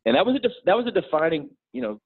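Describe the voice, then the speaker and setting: A middle-aged man telling an earnest, reflective personal story as an interview guest, restarting his sentences often, his voice husky. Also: fairly high pitch, very animated, rapid-fire. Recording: tinny phone-like line.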